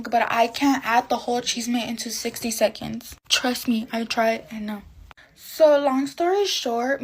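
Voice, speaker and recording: Animated higher-voiced woman telling a storytime. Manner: chatty and animated, calls the listener "girl". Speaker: storyteller doing her makeup. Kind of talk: casual storytime chat while doing makeup.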